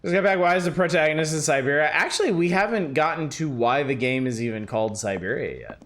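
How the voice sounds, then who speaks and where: A man's voice: a little high, lively intonation, fast talker, fairly bright tone. Chatty male streamer playing a game. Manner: joking, chatty, addresses chat. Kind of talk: casual game commentary.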